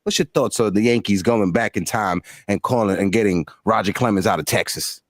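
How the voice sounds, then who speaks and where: A man from New York hosting a casual sports livestream, animated and giving shout-outs with blunt slang. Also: fairly low pitch, brisk, dry recording, clean studio sound. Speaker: host.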